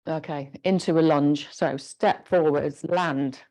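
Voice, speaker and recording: A woman instructor leading a gentle guided exercise class, encouraging and giving step-by-step movement cues. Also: deep voice, fairly even intonation, takes it slowly.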